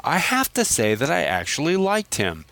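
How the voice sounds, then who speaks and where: A man from Louisiana, a caller, reading out his prepared episode commentary in a wry, animated way. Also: a little high, moderate pace, dry recording.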